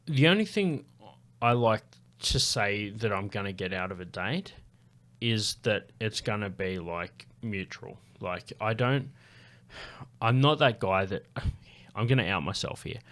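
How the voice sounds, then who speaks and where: Male guest, lower register, loose and rambling, full of restarts and casual cursing. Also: lively intonation, unhurried, fairly bright tone. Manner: rambling, many fillers and restarts, swears freely. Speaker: podcast guest. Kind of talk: casual podcast chat.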